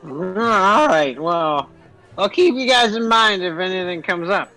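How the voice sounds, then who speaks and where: A man's voice: high voice, animated, measured pace, bright, forceful tone, faint music behind, pitched below the performer's own voice, full character voice, rough recording. A man voicing a small, eager male goblin adventurer in a tabletop game who rambles and brags. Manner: rambling, eager and self-assured.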